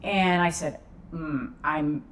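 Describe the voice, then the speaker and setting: A woman tells a story as a podcast guest, chatting casually. Her voice sits a little low. She acts out the people in the story with lively shifts. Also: slow, a little hiss or hum. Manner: animated storyteller acting out quoted dialogue.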